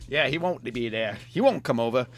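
A man's voice: mid-range voice, expressive, brisk. A middle-aged man hosting a podcast in casual, rambling chat, often tacking on "man". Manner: rambling, laid-back, says "man" a lot. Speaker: podcast host.

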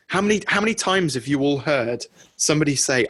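Middle-aged man, a business coach speaking on a group call; pitched a little high, husky, dry close sound, chatty and keeps checking in. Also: expressive, fairly quick, a bit bright, no room sound. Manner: conversational, often checks in with "okay?".

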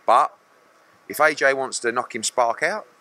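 A man's voice: medium pitch, measured pace, pushed and bright, slight background noise. A middle-aged man, a boxing promoter answering press questions bluntly and acting out other people's lines.

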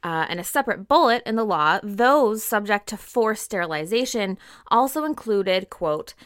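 A woman's voice: medium pitch, expressive, moderate pace, fairly bright tone, clean tone. A woman co-hosting a history podcast, reading from her notes with casual asides. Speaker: podcast co-host.

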